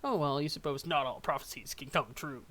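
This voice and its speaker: Speaking a little fast in a slightly bright, mid-range voice, a young adult reads a webcomic aloud. The reading is loose, with stumbles, joking asides and laughter.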